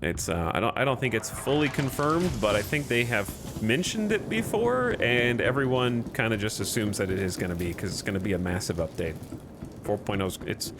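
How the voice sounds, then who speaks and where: A man's voice: fairly low pitch, animated, normal speed. Guy streaming a game, rambly and jokey, voice jumps up and down a lot, kinda noisy mic. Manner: rambling, jokey, restarts his sentences. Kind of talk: casual live-stream chat.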